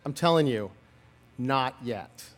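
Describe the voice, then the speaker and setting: At an outdoor lawn ceremony, a man in his forties gives a graduation speech, telling stories with humor and self-deprecating asides. His mid-range voice is expressive and slow-paced. The sound is big and roomy, with slight background noise.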